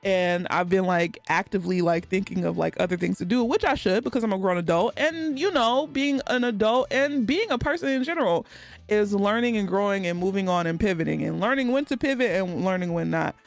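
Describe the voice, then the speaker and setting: A woman's voice: medium pitch, expressive, fairly quick, soft background music. A woman with a Texan accent and a slight lisp, chatting casually on a live stream and laughing often as she answers her chat.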